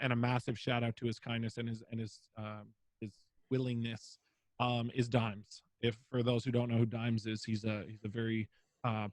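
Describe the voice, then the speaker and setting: A young man chatting as a guest on a podcast, loose and rambling with plenty of fillers and swearing. His voice sits mid-range and sounds dry and close, with no room echo. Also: mid-range voice. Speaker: streamer guest. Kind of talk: casual podcast interview.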